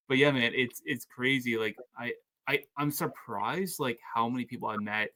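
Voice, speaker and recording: A man hosts a casual podcast, telling anecdotes in an animated way with frequent restarts. His pitch sits in the middle of the usual male range. He sounds relaxed and conversational. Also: moderate pace. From Canada. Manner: storytelling, animated, stumbling restarts. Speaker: podcast host.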